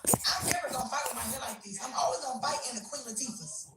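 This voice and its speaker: A hoarse woman boxer chatting excitedly and profanely with viewers on a casual livestream. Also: high-pitched, fast, far from the mic, over loud music. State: hoarse from a cold. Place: indoors, at home. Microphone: phone livestream. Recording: very echoey room, away from the mic.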